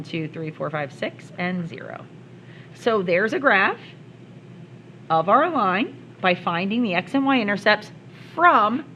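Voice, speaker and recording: A woman's voice: mid-range voice, a bit bright, a little hiss or hum, poor audio. A woman math teacher explaining worked examples step by step, with playful asides. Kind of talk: recorded classroom lesson.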